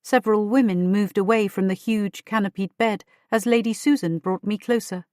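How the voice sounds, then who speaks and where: A woman giving a measured first-person audiobook narration. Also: medium pitch, fairly even intonation, warm tone, dry recording, studio quality. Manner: measured, storytelling.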